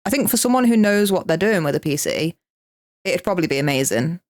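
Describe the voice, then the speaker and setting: A woman's voice: fairly low pitch, animated, brisk, a little mellow. Woman with a Midlands accent, chatting. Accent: English Midlands. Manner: chatty storyteller, self-mocking. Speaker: podcast co-host. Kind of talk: casual podcast chat.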